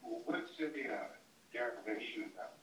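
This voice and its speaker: Halting male student, asking questions from across an echoey room. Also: medium pitch, wildly swooping pitch, a bit bright. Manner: hesitant, halting. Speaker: student in the class. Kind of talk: casual questions in class. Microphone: far from the speaker. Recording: distant, roomy, faint hiss.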